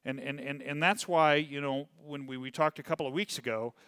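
Man, casual Bible class teacher, rambling, checks in with "okay?", higher voice, dry close sound. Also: brisk, smooth, dry recording. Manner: animated, rambling, frequent "okay?" check-ins.

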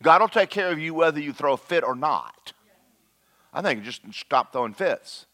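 Male preacher, brightish higher voice, conversational sermon delivery. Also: normal speed. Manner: lively, conversational, talks directly to the congregation.

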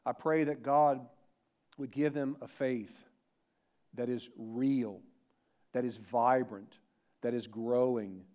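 A middle-aged man preaching a sermon as pastor, animated, asking rhetorical questions and shifting between emphatic and quiet delivery. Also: mid-range voice, slow pace, pauses often.

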